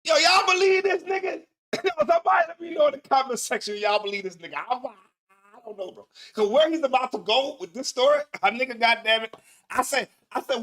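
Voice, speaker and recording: Male host, very high bright voice, laughing and swearing through reaction commentary. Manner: laughing, profane, emphatic repetition. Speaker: show host.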